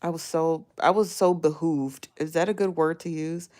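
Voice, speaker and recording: Woman live-streamer, loose and rambling, a bit low in pitch. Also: fairly even intonation, moderate pace, darkish tone. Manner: rambling, greets viewers by name, many fillers. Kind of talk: casual live-stream chat.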